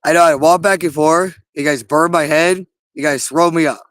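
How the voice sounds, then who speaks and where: Guy ranting on and on, cursing a lot, keeps repeating himself, kinda high voice, dry close sound. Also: steady tone, normal speed, a bit bright, no echo. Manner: agitated, profane, repetitive. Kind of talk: rambling monologue to camera.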